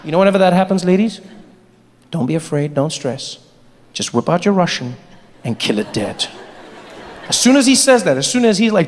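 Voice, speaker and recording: Male comic doing standup, high voice, long reverb from a big hall, faint background noise. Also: normal speed, pauses often. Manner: animated storytelling with sudden drops and jumps in voice. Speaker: stand-up comedian. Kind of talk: stand-up comedy set. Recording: live show in a reverberant hall.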